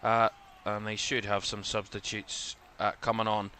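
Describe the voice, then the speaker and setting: A man's voice: lowish voice, monotone, moderate pace, pushed and bright, clear, resonant tone. A man with a Northern Irish accent from Belfast, hosting live watchalong commentary in a rambling way, full of fillers. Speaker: host.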